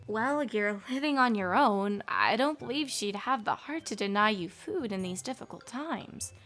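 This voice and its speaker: A woman voicing a polite, formal female store manager in a fanfic audiobook reading, courteous and softly spoken. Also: medium pitch, animated, normal speed, natural voice. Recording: faint music behind.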